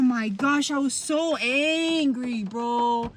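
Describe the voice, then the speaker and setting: A woman with a notably high voice tells a personal story on a podcast. She is casual and animated, with lots of slang and swearing, and she laughs easily as she talks. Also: normal speed. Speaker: podcast host.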